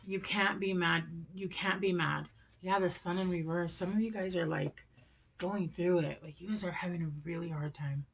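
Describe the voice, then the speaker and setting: A woman's voice: on the low side, steady tone, normal speed, vocal fry, slight background noise, low-quality recording. Candid, reassuring tarot reader woman. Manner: candid, conversational, swears freely; reassuring, coaching tone. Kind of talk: casual tarot reading.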